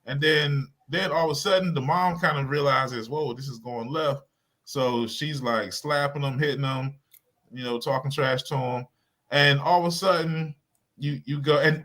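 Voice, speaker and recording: A man co-hosting a casual panel chat, retelling events with lively, animated storytelling. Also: mid-range voice, moderate pace. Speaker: panel co-host.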